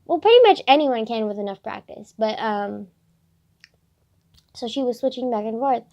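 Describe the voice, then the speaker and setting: On a dull lo-fi recording, a teenage girl rambles through a casual diary vlog, swearing and filling her speech with "like" as she complains about her day. Her voice is on the high side, gravelly and darkish, with lively intonation at a moderate pace.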